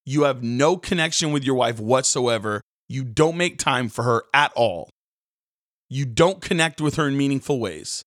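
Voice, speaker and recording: A man, a pastor hosting a daily devotional, preaching casually with sudden jumps into loud mocking voices. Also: medium pitch, lively intonation, normal speed, no room sound, clean studio sound. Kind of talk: energetic devotional sermon.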